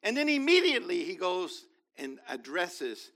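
Man, preacher, animated sermon, high voice, bright tone, talks to the congregation. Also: moderate pace. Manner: animated, acts out biblical figures, talks to congregation. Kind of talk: sermon, Bible teaching.

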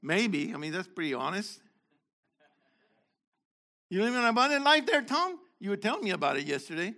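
Lively, bright-voiced older male preacher. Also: normal speed. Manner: questions the congregation, calls on people by name; shifts between loud exhortation and low asides. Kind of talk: interactive sermon.

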